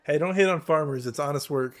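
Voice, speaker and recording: A man's voice: a little high, quick pace, natural voice. A man voicing a friendly old male farmer in a video game, speaking with a rural American country twang in a folksy, easygoing manner.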